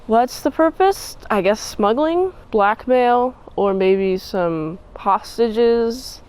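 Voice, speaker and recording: A woman's voice: on the high side, lively intonation, takes it slowly, a little mellow, clean tone, rough recording. A woman giving a chatty, playful movie review outdoors in cold wind, shivering as she talks. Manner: chatty, gushing, playful asides.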